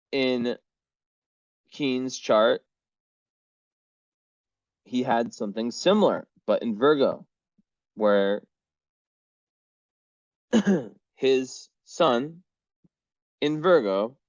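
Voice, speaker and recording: A man's voice: medium pitch, dry recording, highs cut off. A man reading astrology charts in a casual, rambling way, full of fillers and the odd swear word.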